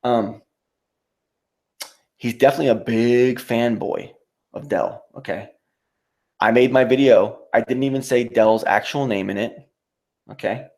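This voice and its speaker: A man's voice: mid-range voice, measured pace, pauses often, a little mellow. A man hosting his own livestream, ranting in a profane, mocking, rambling way. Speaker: YouTube livestreamer. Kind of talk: casual livestream rant.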